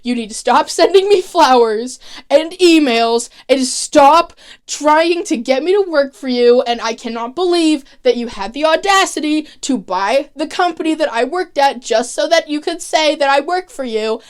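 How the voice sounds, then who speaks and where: A woman's voice: sits high, normal speed, natural voice. A woman voicing an exasperated young female tech expert who talks back with indignant, profane outbursts.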